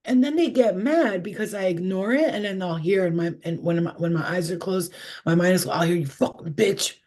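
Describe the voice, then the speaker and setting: A woman's voice: on the low side, brisk, mellow. A middle-aged woman reads tarot on a casual livestream and swears freely. She talks in loose, rambling asides, candid and unpolished. She sounds like she is recorded on a simple webcam or phone mic in her own room. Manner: profane, candid, rambling storyteller. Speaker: tarot reader. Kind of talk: casual live tarot reading chat.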